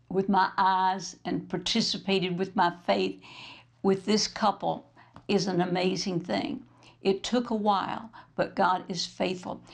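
A woman's voice: medium pitch, vocal fry. A woman minister hosting her program, telling a story as a sermon and acting out the dialogue in it. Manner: animated storyteller, acts out quoted dialogue.

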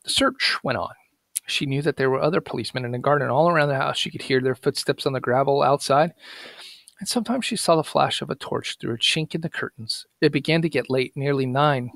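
A man narrating a story in a plain, steady reading voice. His tone is gravelly and his pitch is middling, recorded close and dry. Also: no room sound. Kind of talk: read-aloud story narration.

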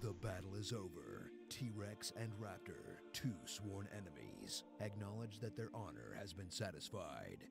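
Gravelly deep man in mock-epic narration. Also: very animated, a little slow, few pauses, loud music behind the voice. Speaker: guest narrator. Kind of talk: dramatic trailer-style narration.

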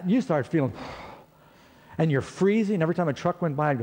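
Animated man preaching in a big hall. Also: on the high side, a little fast, breathy edge. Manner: animated storyteller, acts out quotes. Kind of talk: sermon storytelling. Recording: long hall reverb.

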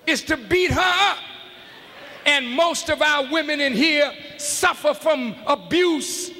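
A man preaching a fiery sermon to a large arena crowd, shouting emphatically and calling out to the audience. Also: extremely high pitch. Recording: live arena hall with faint crowd noise.

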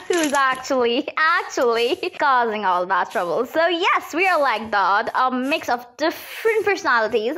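A woman's voice: high-pitched, fairly bright tone, slight background noise. A young woman telling casual storytime anecdotes, chatty and giggly, acting out the quotes she retells.

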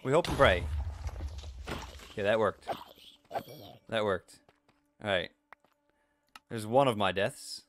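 A man's voice: lowish voice, slow, pauses often, a bit bright, a little hiss or hum. A man hosting a let's play video, talking through his game in a jokey, self-deprecating way and yelping at sudden surprises. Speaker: gaming video host.

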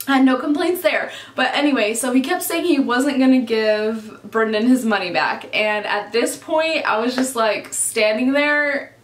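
High-voiced chatty young woman vlogger. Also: fairly bright tone. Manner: chatty, swears often, says "like" constantly. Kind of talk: casual storytime. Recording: echoey room.

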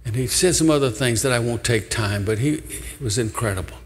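A man's voice: mid-range voice, brisk, slight background noise. An older man preaching a sermon as pastor, telling a story in an earnest manner and pleading with his listeners. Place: large church sanctuary. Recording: long church hall reverb.

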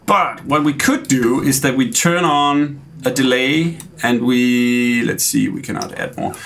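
A man, a game developer, calmly explaining his builds while playing and chatting. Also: mid-range voice, a little slow. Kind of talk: casual gameplay commentary. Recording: clear background noise.

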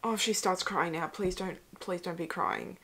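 A woman's voice: fairly low pitch, normal speed, crowd noise. A young woman hosting a casual movie reaction, chatty and emotional, with whispered asides. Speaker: host.

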